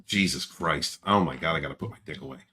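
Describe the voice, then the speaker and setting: A man putting on a deep, slow, crooning seducer voice in the style of a soul singer, talking to his livestream chat. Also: sharp tone, slight background noise. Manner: low, slow, suggestive crooning.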